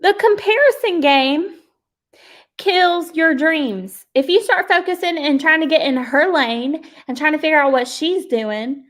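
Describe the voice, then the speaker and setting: A woman's voice: high-pitched, animated, unhurried, fairly bright tone. A woman leading a sales team, giving an emphatic, preachy motivational pep talk and speaking folksily and directly to her listeners. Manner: emphatic and preachy, with frequent laughs.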